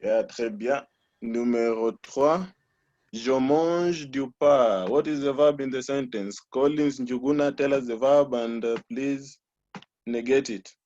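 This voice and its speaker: A man's voice: medium pitch, steady tone, a little slow, dark tone. Man, french teacher, patient, repeats answers, muffled video call sound. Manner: patient, repeats and corrects students. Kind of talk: online class teaching.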